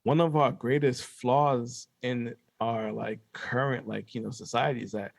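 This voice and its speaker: A young man co-hosts a podcast in a loose, laid-back chat, rambling with drawn-out fillers. His mid-range voice is steady, with vocal fry and a slight lisp. The recording has no echo.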